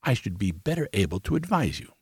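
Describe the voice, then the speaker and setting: A man's voice: fairly low pitch, sing-song, fast talker, slightly rough, no room sound, full character voice. A man voicing a cool, languid detective who speaks in a dry, clipped, murmuring way.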